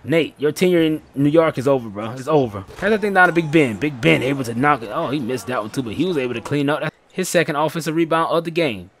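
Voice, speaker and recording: A man giving casual, slangy play-by-play commentary over a basketball video game, excitable and heckling his own players. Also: fairly high pitch, fast, few pauses. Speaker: gaming channel host.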